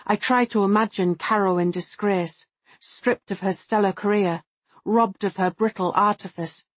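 Female audiobook narrator, calm and reflective first-person read, dry booth sound. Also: on the low side, no echo. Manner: measured and reflective.

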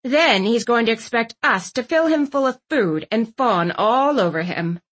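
Woman putting on a deadpan, bossy elderly great-aunt. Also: on the high side, unhurried. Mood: mocking. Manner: deadpan, snappish, commanding.

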